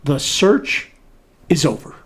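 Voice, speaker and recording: A man's voice: a little high, animated, slow, husky. A man hosting a casual livestream, reading listener messages aloud and adding dry jokes. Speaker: host.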